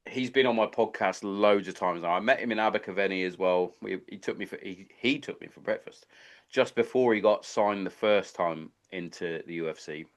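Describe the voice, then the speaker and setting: A man with a fairly low voice hosts a podcast in relaxed, casual chat. He tells long rambling stories and swears freely as he talks. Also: moderate pace. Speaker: podcast host.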